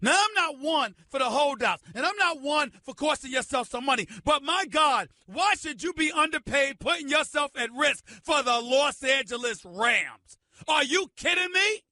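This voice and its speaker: A middle-aged man hosting a sports radio show, ranting loudly and emphatically into a studio microphone. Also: very high-pitched, expressive, moderate pace, no room sound. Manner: loud, emphatic, shouting tirade.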